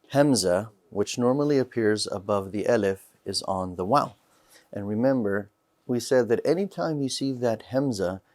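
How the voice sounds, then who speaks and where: A man teaching a recorded beginners' language lesson, calmly saying each practice word three times with careful, deliberate pronunciation and short explanations. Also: lowish voice. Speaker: Arabic teacher.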